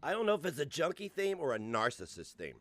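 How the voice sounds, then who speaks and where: A man's voice: fairly high pitch, big pitch swings, fast talker, over a noisy crowd. A man hosting a stream, giving sarcastic, mocking, profane commentary on video clips. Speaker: host.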